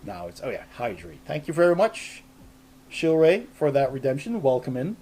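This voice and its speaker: A man's voice: medium pitch, wildly swooping pitch, normal speed, warm tone. A man with a Dutch accent, a native Dutch speaker from the Netherlands, chatting casually and laughing often while he streams a board game. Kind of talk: casual gaming stream chat.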